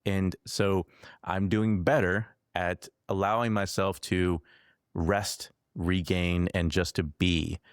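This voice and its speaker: Slow, very deep-voiced male host. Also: smooth, dry recording, studio quality. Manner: calm, encouraging, reflective. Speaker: podcast host. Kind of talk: conversational podcast talk.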